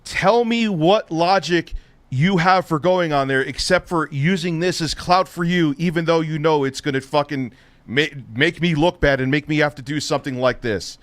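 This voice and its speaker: A man's voice: on the high side, moderate pace, dry recording. A man hosting a live stream, ranting with heavy profanity and biting sarcasm. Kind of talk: heated live-stream rant.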